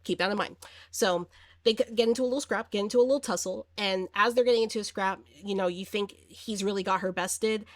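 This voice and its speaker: A woman reviewing a horror movie in a casual recap, chatty and animated, full of fillers and acted-out quotes. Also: mid-range voice, no room sound, clean studio sound.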